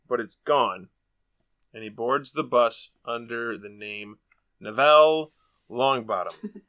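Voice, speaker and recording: A man's voice: medium pitch, sharp tone. A man hosting a casual book podcast, rambling and laughing a lot as he talks. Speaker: podcast host.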